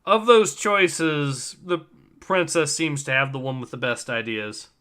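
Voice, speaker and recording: A male livestream host talking casually between pages of a comic, reading out viewer comments with a jokey, rambling manner. His voice sits a little high and sounds bright and forward. He laughs easily and keeps the chat loose. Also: a little slow. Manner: chatty, laughs often, reads chat aloud.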